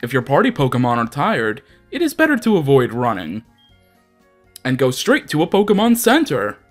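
Young male gaming host, casual and rambling, lively swings in pitch. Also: moderate pace, faint music behind. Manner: chatty, rambling, self-deprecating. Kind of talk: casual let's play commentary.

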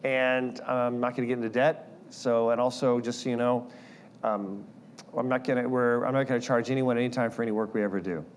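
A man preaching a sermon, telling personal stories in an animated way and acting out the voices of people he quotes. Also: medium pitch, fairly quick, a little hiss or hum. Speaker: guest speaker.

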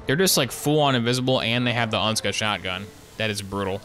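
Bright-voiced man riffing over gameplay. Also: lowish voice, fast talker. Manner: sarcastic, rambling, jokey asides. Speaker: gaming streamer. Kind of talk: casual live gameplay commentary.

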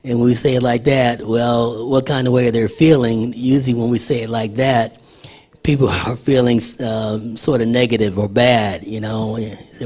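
Husky-voiced older man preaching. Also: mid-range voice, flat delivery, normal speed, darkish tone. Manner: conversational preaching, asks the congregation questions. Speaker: pastor. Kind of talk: sermon. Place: church.

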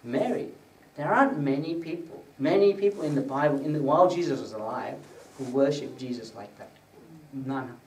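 In a prayer gathering room, a man gives a teaching sermon to a small group, talking conversationally with a fairly high voice at a moderate pace and few pauses. He tests listeners with questions and gets louder whenever he quotes scripture. Faint hiss and echo come through on a distant mic.

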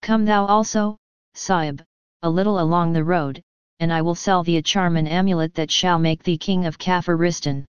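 A woman voicing an Englishman disguised as a mad wandering priest, speaking in a loud, slow, proclaiming way. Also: on the low side, fairly even intonation, smooth, no room sound, dull audio, close to an everyday voice. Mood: ranting.

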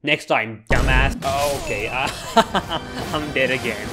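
A man's voice: medium pitch, slow pace. A man giving comedic commentary as he plays a video game for the first time, stammering, swearing and laughing as he goes. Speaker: gaming YouTuber. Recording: background game music.

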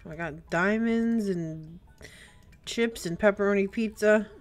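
A young woman giving let's play commentary, chatty and prone to excited squeals and gasps. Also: mid-range voice, slow. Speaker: gaming YouTuber. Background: faint game music.

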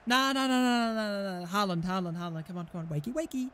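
A young man commentating his football video game match, excitable and often shouting and swearing at his teammates. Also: high-pitched, quick pace. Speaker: gaming YouTuber. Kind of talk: live gameplay commentary.

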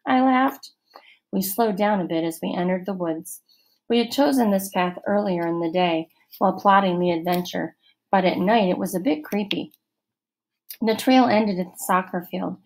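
A woman's voice: medium pitch, a little mellow, low-quality recording. Woman narrating a storybook. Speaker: audiobook narrator. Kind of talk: first-person storybook narration.

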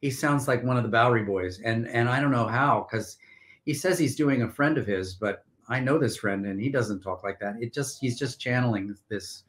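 An older man, a stage actor, telling stories in a measured, wry way during a casual video interview. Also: mid-range voice, a bit bright.

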